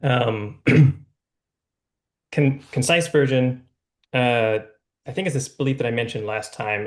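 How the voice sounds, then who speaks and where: A man giving a hesitant personal check-in on a video call, with many fillers as he searches for words. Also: mid-range voice. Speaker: participant.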